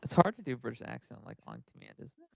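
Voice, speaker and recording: A man with a very gravelly, fry-heavy voice at a middle pitch, trading deadpan dark jokes in casual podcast chat. The sound is close and dry. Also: very fast, no room sound. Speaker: podcast co-host.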